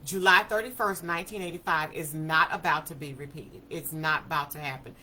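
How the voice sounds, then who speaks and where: A woman in her fifties tells her own story with a bright, forceful edge to her voice, sitting a little low in pitch. She speaks emphatically and vividly, in relaxed vernacular phrasing. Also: a little fast, rough recording. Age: 50s. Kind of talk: personal testimony talk.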